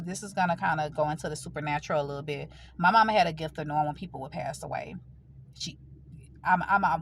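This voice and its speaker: A woman speaks straight to her viewers in a fairly low voice, telling a painful family story in casual, plain talk. She keeps pushing through as her voice catches, holding back tears. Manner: emotional, fighting back tears, informal and direct. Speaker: vlogger. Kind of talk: personal storytelling to camera.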